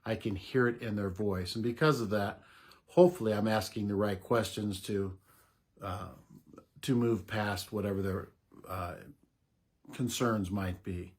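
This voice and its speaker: Slow, breathy middle-aged man coaching. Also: lowish voice. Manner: unhurried, explanatory, with soft laughs. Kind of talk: casual advice talk to camera.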